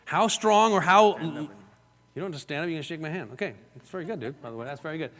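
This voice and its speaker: Man, seminar speaker, animated storyteller, slightly high voice, long hall reverb. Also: fast. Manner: animated storyteller, acts out gestures and quotes. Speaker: real estate seminar speaker. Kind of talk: live seminar talk to an audience.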